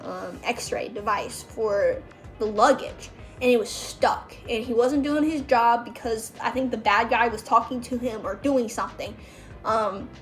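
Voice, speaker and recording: A woman's voice: a little high, a bit bright. A young woman telling stories about working as a background extra, casual and chatty, full of fillers and quoted voices. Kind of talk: casual storytelling.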